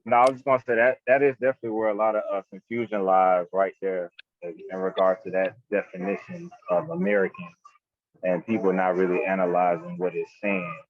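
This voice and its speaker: A man's voice: low voice, brisk, narrow, tinny audio. A man on a group call adding a short point to the discussion. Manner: adds a brief point, then yields. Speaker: call participant. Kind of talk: casual discussion.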